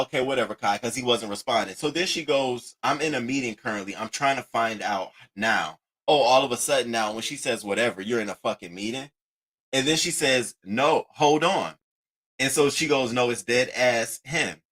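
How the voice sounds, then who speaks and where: A man's voice: mid-range voice, rough recording. Profane man reading texts and ranting. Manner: profane, animated, reads messages aloud and reacts. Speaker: commentary host. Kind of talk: casual commentary reading texts aloud.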